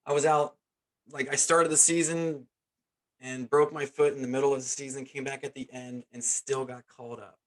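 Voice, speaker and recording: Guest: man around forty, former athlete, lively and chuckling through his story, casual and unpolished. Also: mid-range voice, normal speed. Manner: animated, chuckling, keeps saying "man". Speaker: guest, former pro baseball player.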